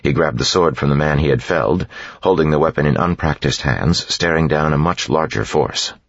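A man narrating an audiobook in a steady, measured storytelling voice, in a dull lo-fi recording. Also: very deep voice, dry recording. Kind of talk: scripted narration.

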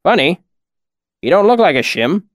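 Male narrator putting on an old grouch, testy and blunt, pitched up. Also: big pitch swings, normal speed, dry recording, clean studio sound. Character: cranky old village man.

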